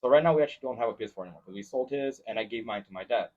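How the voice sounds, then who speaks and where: A man hosting a podcast in casual chat, mixing English and as he tells animated stories. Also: medium pitch, racing. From Mexico-Texas border region. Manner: switches between English and Spanish, animated storytelling. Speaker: podcast host. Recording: lo-fi podcast recording.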